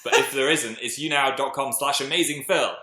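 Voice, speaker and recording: A man's voice: medium pitch, brisk, bright, forceful tone. A man hosting a live stream in a casual, playful chat with a friend. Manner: playful, chatty, laughs easily. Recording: echoey room.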